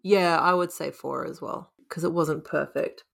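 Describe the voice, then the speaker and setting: A woman with a low, gravelly voice co-hosts a laid-back book discussion. She talks in a relaxed way and keeps things moving with questions. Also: a little slow. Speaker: podcast co-host. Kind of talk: casual book-club chat.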